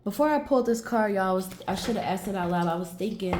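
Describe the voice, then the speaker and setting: A woman's voice: medium pitch, lively intonation, fast talker, darkish tone, reverberant, a little hiss or hum. A woman doing a casual tarot reading, musing aloud and talking to her viewers as she turns cards. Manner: musing, talks to herself and viewers, stretches words. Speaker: tarot reader.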